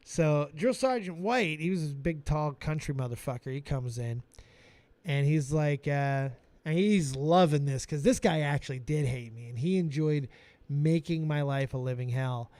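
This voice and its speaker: A man's voice: fairly high pitch, normal speed, dry recording. A man hosting a live stream who tells a comic story with heavy swearing. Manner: animated, swearing a lot.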